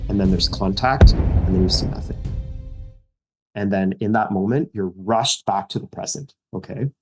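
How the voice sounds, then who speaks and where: A man's voice: lowish voice, a little mellow. A man narrating a tabletop game as game master, casual and rambling with lots of fillers.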